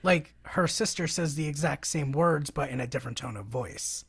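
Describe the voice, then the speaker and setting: Podcast co-host, woman, gravelly husky voice, laid-back film recap. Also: sits low, moderate pace. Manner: relaxed retelling with many fillers. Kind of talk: casual film discussion.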